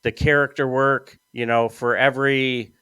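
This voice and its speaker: A man in a relaxed podcast chat, with a smooth, resonant voice recorded close and dry. He tells long, rambling stories at an easy pace and swears casually along the way. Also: mid-range voice, normal speed, dry recording. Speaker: podcast host.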